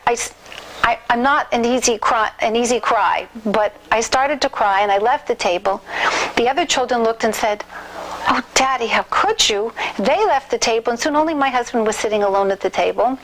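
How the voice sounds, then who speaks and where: A middle-aged woman with a fairly high voice tells a personal story in an interview. She often stops, repeats words and restarts. Faint noise sits under her voice. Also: moderate pace, a bit bright, rough recording. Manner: acts out quoted voices animatedly. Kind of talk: oral history storytelling.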